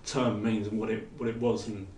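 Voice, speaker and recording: Fast-talking male host, echoey room. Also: fairly low pitch, flat delivery, a little mellow, distant mic. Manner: brisk, chatty, lots of short acknowledgements. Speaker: podcast host. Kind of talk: casual interview. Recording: echoey room with crowd noise.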